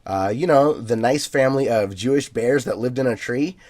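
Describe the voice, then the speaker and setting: A man co-hosting a podcast in a relaxed way, reading out listener emails with plenty of fillers and easy laughs. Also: medium pitch, moderate pace. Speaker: podcast co-host.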